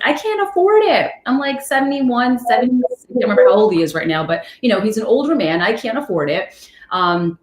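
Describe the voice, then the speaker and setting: A woman reporter chats as a podcast guest, and her stories come out animated, with quick jumps to a high voice when she quotes people. Her voice has a middle pitch for a woman. The room around her is echoey. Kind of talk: casual interview talk.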